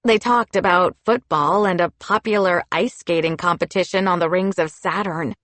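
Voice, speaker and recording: A woman narrating a children's fantasy audiobook in a steady storytelling delivery. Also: fairly low pitch, moderate pace, no room sound. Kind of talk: scripted narration.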